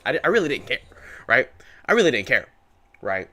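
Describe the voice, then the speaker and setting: Young male day trader streaming live, loose slangy chatter, voice bouncing up and down, quiet music under him. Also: mid-range voice, sing-song, moderate pace, long pauses. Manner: slangy, rambling, keeps saying bro. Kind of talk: casual live-stream chat. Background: faint music playing.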